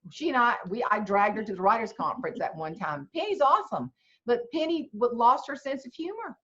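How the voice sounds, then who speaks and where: A woman's voice: on the high side, a little fast. A middle-aged woman with a Southern accent, a humorist telling folksy comic stories as a guest on a video chat. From South Carolina. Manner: folksy, animated, comic storyteller. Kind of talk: storytelling chat. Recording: muffled lo-fi video call audio.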